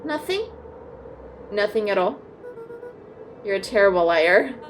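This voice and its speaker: A woman's voice: mid-range voice, animated, a little slow, soft background music, lightly acted. A woman voicing a cocky young troublemaker in a game read-along, with a sly, mocking delivery.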